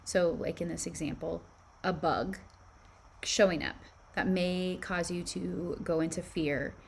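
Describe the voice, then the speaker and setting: A woman teaching spirituality, leading listeners through a guided visualization with calm, reflective questions. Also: fairly low pitch, measured pace, vocal fry, a little hiss or hum.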